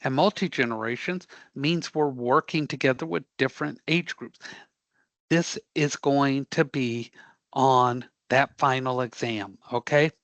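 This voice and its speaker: A man teaching a live career prep class, animated and joking as he quizzes the students. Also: medium pitch, unhurried, no room sound. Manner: animated, joking, audience-engaging.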